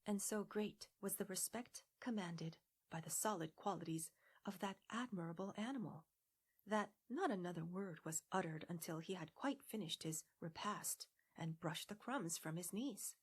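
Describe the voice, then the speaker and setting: A woman narrating a classic storybook in a gentle, hushed audiobook voice. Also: fairly low pitch, normal speed, husky. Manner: gentle, hushed, half-whispered.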